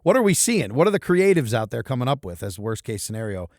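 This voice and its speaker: A man co-hosting a casual podcast, animated and playful, his pitch leaping around as he jokes. He laughs easily and riffs on whatever comes up. The sound is dry and close with no room to it. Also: fast talker, no echo. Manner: animated, jokey, laughs often. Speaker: podcast co-host. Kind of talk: casual chat.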